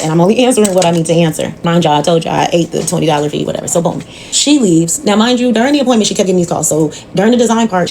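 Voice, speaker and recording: A woman talks quickly in a slightly low voice, telling a story from her work as a nail technician. She is blunt and profane and keeps an easy storytime flow, with a faint hiss behind her. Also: darkish tone. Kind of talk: casual storytime vlog.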